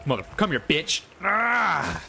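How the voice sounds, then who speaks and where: A man doing live gameplay commentary on a desk mic at home, excitable and cursing as he yells at enemies. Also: sits high, slow, gravelly, over music. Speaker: gaming YouTuber. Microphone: desk condenser mic.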